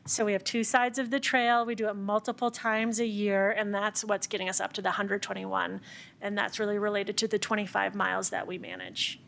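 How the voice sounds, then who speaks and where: A woman on the city staff answers council questions at a public meeting. She explains clearly and methodically in a mid-pitched, even voice, laying out each point in order. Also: brisk, slight background noise. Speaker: city open space staff member. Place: council chamber.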